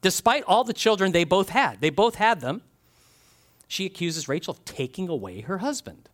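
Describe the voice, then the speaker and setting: A male pastor preaching in a fairly high voice that rises and falls a lot. He reads scripture and tells stories with animated little acted-out scenes. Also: moderate pace. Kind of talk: sermon with scripture reading.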